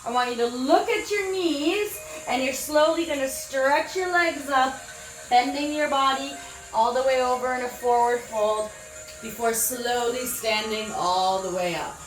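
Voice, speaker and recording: A woman leading a children's yoga class, giving gentle, encouraging instructions with frequent praise. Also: sits high, a little slow, roomy sound, faint music behind. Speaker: kids yoga teacher. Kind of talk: guided children's yoga lesson.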